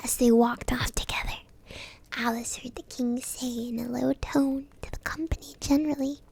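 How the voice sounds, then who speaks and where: A woman streamer softly whispering a bedtime story as a whispered role-play into a close mic. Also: a little high, steady tone, normal speed, vocal fry, breathy edge. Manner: soft unvoiced whispering.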